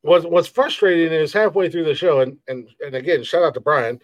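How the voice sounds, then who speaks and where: A man's voice: a little high, brisk, no room sound. A man hosting a live podcast, ranting angrily with heavy profanity and repeated phrases. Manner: heated, profane, repetitive, frustrated. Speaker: podcast host. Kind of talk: profane live-stream rant.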